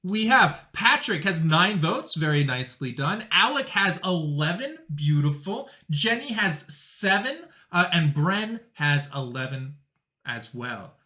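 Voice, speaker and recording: A man's voice: a little high, very animated, measured pace, sharp tone. A man hosting a comedy game show, teasing the players in a playful, upbeat way.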